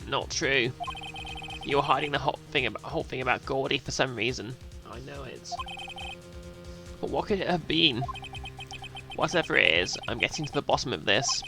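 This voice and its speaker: A man streaming a video game, reading its dialogue aloud with emphatic, lively energy. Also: medium pitch, moderate pace, gravelly, pauses often. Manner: lively, reads the defense lines with emphatic energy. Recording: game music behind.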